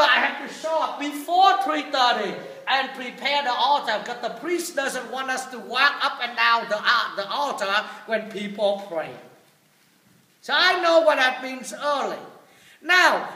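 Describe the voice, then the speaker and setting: Animated priest in an echoey church. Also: male voice, very high-pitched. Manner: animated storytelling with humor, shifting loud and soft. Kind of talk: homily.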